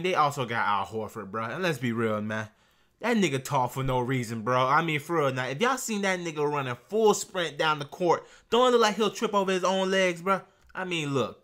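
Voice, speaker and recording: A young man rants through a casual reaction vlog in a bright, forceful voice that sits a little high. He talks trash with brash slang and keeps tossing in bro and man. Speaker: YouTube reaction host.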